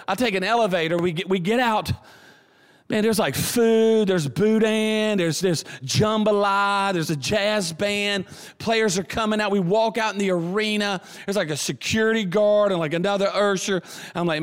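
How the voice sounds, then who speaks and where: A man with a South Louisiana accent preaching a sermon as a guest speaker, telling stories animatedly, repeating words and building to excited shouts. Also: high-pitched, moderate pace. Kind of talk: sermon storytelling. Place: church auditorium. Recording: reverberant church hall.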